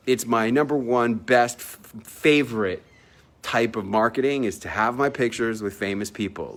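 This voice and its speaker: A man's voice: fairly low pitch, fairly bright tone. A man, an entrepreneur, telling a personal story to camera in a casual, emphatic, boastful way, swearing freely and acting out the people he quotes. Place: at a villa at sunset.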